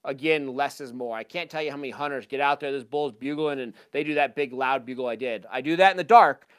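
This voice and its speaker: A man presenting a live talk to an audience on a handheld mic, casual and energetic, with lots of fillers. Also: medium pitch, fast, smooth. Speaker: hunting seminar presenter.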